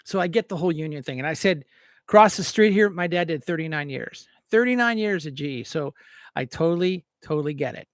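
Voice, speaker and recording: A middle-aged man with a high voice tells a story in a casual monologue and acts out both sides of a quarrel. The sound is dry and close, with no room around it. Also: fairly quick, no echo. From Northwestern Pennsylvania. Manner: animated, retells arguments by acting out both sides. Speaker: show host.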